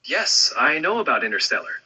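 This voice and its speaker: A male AI voice assistant answering in a smooth, agreeable, polished conversational way. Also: on the high side, big pitch swings, fairly quick, pushed and bright, poor audio.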